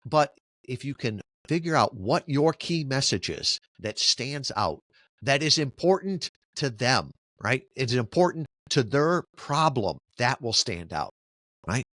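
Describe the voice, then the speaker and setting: A middle-aged man answering interview questions in a lively, storytelling way, often checking in with "right?". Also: mid-range voice, dry recording, clean studio sound. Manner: animated storyteller who keeps asking "right?". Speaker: podcast guest, marketing company founder.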